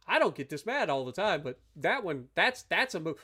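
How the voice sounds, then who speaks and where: A man's voice: on the high side, very animated, normal speed, few pauses, sharp tone, slightly rough. A man streaming a strategy game live, ranting and swearing at his opponents as he plays. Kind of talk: live gameplay commentary.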